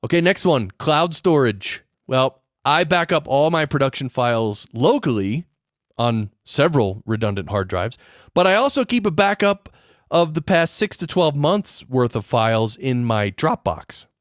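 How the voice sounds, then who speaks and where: A male podcast host talks through audio tips in a relaxed, rambling way, often restarting his sentences and filling pauses. His voice sits at an ordinary middle pitch, and the recording is close and dry with no room sound. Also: no room sound. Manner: conversational and explanatory, with frequent fillers and restarts. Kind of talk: casual solo podcast talk.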